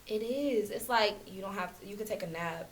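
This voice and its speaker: A young woman chatting casually as a guest, quick to react and join in. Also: medium pitch. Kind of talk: casual chat. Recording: faint hiss.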